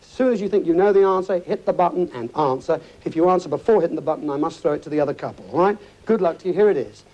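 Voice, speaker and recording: A man's voice: a little high, very fast, few pauses, a little mellow, rough recording. A man hosting a TV game show, chatty, jokey and encouraging with the contestants. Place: TV studio before an audience.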